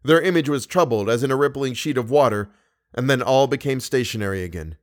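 A man's voice: mid-range voice, fairly quick. Male audiobook narrator reading a classic novel. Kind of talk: scripted narration.

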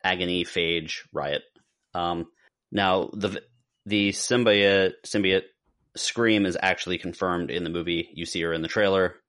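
A man's voice: low voice, steady tone, measured pace, fairly bright tone. A man co-hosting a podcast in casual chat, rambling a little and correcting himself as he goes. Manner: rambling, self-correcting, lists names. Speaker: podcast co-host.

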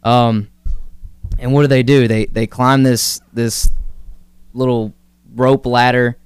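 Male co-host, rambling storyteller, crisp resonant voice. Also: medium pitch, takes it slowly, no echo. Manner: rambling storyteller, animated retelling. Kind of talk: casual Christian discussion.

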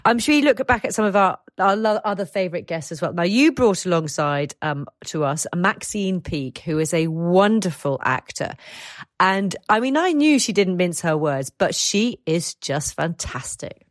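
A woman in her forties co-hosting a podcast, friendly and brisk as she moves between topics. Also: fairly low pitch, lively intonation, dry recording, studio quality. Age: 40s. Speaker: podcast co-host. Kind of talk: casual podcast chat.

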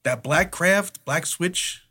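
A man co-hosting a podcast, telling old wrestling stories in a profane, animated way and imitating other people as he goes. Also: a little high, slow, husky. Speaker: podcast co-host, former wrestler. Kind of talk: casual storytelling chat.

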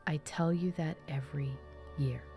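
A woman's voice: deep voice, fairly even intonation, normal speed, mellow, soft background music. A woman reading a weary stern older brother.

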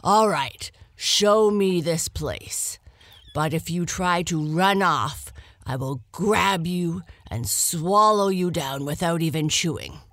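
A woman's voice: low voice, slow pace, hardly any pauses, no echo. A woman voicing a big, hungry male lion in a bedtime storybook, growling and bossy. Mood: commanding. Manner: growling and forceful.

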